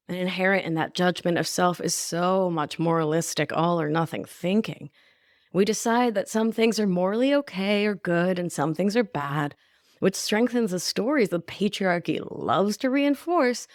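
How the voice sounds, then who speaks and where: Deliberate lower-voiced woman coach. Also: no room sound, studio quality. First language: Spanish. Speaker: podcast host, life coach. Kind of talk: reflective coaching monologue.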